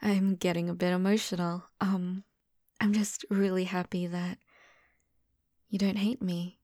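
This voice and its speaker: A woman playing an obsessive devoted lover, in a slow whispered role-play. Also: fairly low pitch, little pitch movement, no echo, clean studio sound. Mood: emotional. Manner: soft, intimate, half-whispered.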